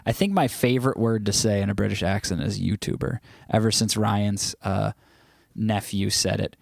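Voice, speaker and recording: An American man hosts a laid-back livestream from his home, reading chat comments aloud with playful jokes and the odd burst of song. His voice is lowish and gravelly at a moderate pace, recorded with studio quality and no echo.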